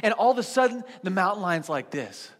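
A man preaching a sermon as pastor to a seated church congregation, in a conversational, animated storytelling manner with frequent restarts. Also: sits high, fairly quick, in a large hall.

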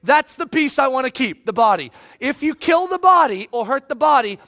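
A male pastor preaching a sermon, emphatic and animated, swinging from hushed lines to shouts. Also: very high-pitched, moderate pace.

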